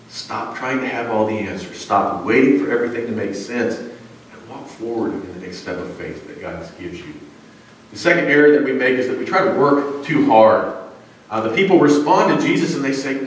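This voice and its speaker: Brief: male pastor, chatty storytelling sermon with lots of uh's, mid-pitched, distant mic in a very echoey sanctuary. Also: moderate pace. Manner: conversational, storytelling, frequent uh fillers. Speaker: pastor and college psychology teacher. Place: church sanctuary.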